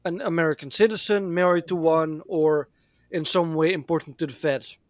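A man's voice: a little high, fairly even intonation, normal speed, dry recording, studio quality. Blunt, profane man from Europe. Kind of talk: casual chat.

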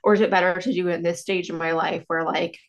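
A woman's voice: fairly low pitch, fairly even intonation, fast talker, highs cut off. A woman in her thirties chatting casually as a podcast co-host, self-deprecating, with a slight lisp from dental aligners. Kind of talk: casual chat.

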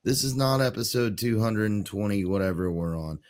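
A man's voice: fairly low pitch, expressive, a little fast, a little mellow. A man hosting a casual gaming session with friends, upbeat and playful. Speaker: podcast host.

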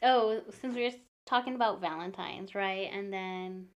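A woman's voice: medium pitch, normal speed, lo-fi sound. A woman in her twenties co-hosting a podcast, telling stories in casual chat, swearing often and acting out the people in her stories. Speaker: podcast co-host.

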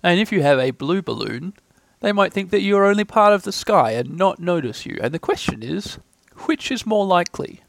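A gentle, simple-minded storybook bear, as a man puts him on, talking slowly and earnestly with a lightly gravelly edge and a slightly raised voice. Each thought is weighed with ponderous care. The sound is close and dry. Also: sits high, very animated, no echo, voice pushed up, exaggerated voice. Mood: musing.

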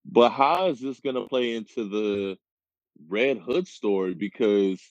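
Male podcast co-host, laid-back, low and slow delivery, dull dry lo-fi recording. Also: no room sound. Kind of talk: casual chat.

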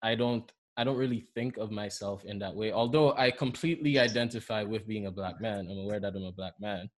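A man with a Saint Lucian accent, a podcast host telling stories in an animated way, often laughing. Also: fairly low pitch, fairly quick. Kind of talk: conversational storytelling.

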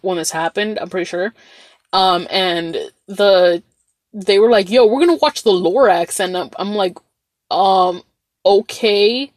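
A woman's voice: mid-range voice, no room sound, clean studio sound. A young woman telling a story in a casual vlog, rambling and swearing, with lots of fillers and restarts. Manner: rambling, profane, animated storytelling with many fillers.

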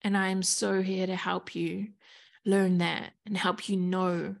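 A woman in her thirties speaks straight to her listeners in a casual, motivational podcast monologue. Her voice has a gravelly, fry-edged texture, and her words are earnest and frank, with plenty of swearing. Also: on the low side, level tone, measured pace. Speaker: podcast host.

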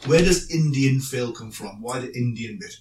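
A man's voice: medium pitch, moderate pace, a little mellow. Male podcast co-host, rambling self-deprecating anecdotes, roomy distant sound. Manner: rambling storyteller, self-mocking, restarts. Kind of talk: casual chat, anecdotes. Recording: roomy, distant mic, faint noise.

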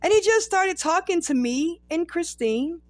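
A woman's voice: very high-pitched, lively intonation, measured pace, no room sound. A woman in her thirties hosting a podcast, telling a rambling, profane story in casual chat. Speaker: podcast host.

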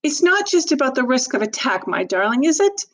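A woman reading aloud, voicing a tearful, gentle mother who speaks softly and haltingly. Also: high-pitched, sing-song, voice pushed up, exaggerated voice. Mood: tender.

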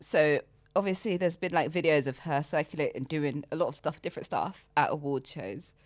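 Wry woman co-host, low voice, dry sound. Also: fairly quick, no room sound. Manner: wry, interjecting, laughs often. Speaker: podcast co-host. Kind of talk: casual chat.

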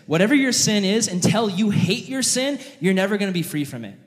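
A man preaching an animated, jokey sermon, addressing his audience directly as he tells a story. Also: high-pitched, brisk, hardly any pauses. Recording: long hall reverb.

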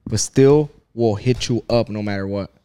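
A man's voice: lowish voice, normal speed, warm tone, clean tone. A man who works as a barber, venting bluntly and with lots of swearing in a casual podcast chat.

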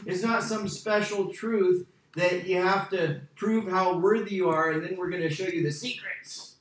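A man's voice: high-pitched, fairly even intonation, normal speed, a little hiss or hum. A man teaching a Bible study as pastor, emphatic and conversational, repeating key phrases for stress. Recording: very echoey, distant church mic.

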